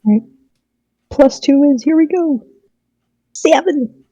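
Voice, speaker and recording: A woman playing a tabletop game, chatting and quickly explaining her character's choices. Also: sits high, animated, mellow, no room sound, dull audio. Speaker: player. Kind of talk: casual tabletop game play.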